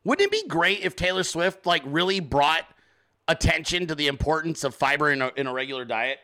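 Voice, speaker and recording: A man's voice: on the high side, very animated, brisk, sharp tone. A man hosting a show, talking in a casual, rambling, profane and joking way, including informal sponsor reads. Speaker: show host. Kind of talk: casual live-stream commentary.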